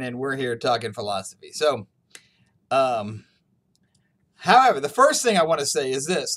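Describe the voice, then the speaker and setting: A man's voice: medium pitch, fairly bright tone. A male professor giving a casual recorded online lecture, telling a story in a chatty way and often laughing.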